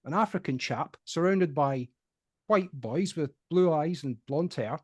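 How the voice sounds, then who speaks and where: A man's voice: fairly high pitch, expressive, measured pace, breathy edge, dry recording, clean studio sound. A man hosting a casual political chat, opinionated and conversational. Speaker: host.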